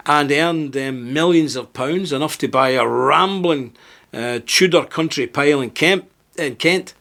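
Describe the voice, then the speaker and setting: A man hosting his own video channel, giving a heated, emphatic monologue to camera and reading part of it from a script. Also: fairly bright tone. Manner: emphatic, indignant, with sudden rises in pitch; partly reading aloud from a script. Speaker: political video host.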